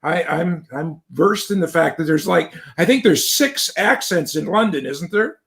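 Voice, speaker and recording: An older man in his sixties with a fairly high voice for a man. He tells old stories with enthusiasm over a video call with friends. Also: animated, moderate pace, creaky, a bit bright. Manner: storytelling, reminiscing, enthusiastic. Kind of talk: casual group chat.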